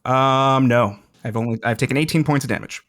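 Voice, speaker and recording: A man's voice: medium pitch, steady tone, fairly quick, a bit bright. A man playing a tabletop game in casual chat, joking and laughing easily. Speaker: player.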